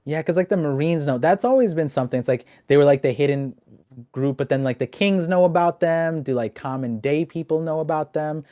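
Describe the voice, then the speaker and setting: A young adult man hosting a casual podcast chat, talking in an animated, rambling way with lots of restarts. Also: fairly high pitch, brisk, no echo, clean studio sound. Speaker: podcast host.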